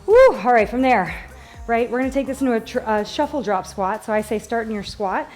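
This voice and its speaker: A woman's voice: fairly high pitch, fairly quick, a little mellow, soft background music. A woman leading a workout as fitness instructor, upbeat and encouraging, counting reps and getting out of breath. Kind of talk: live workout coaching.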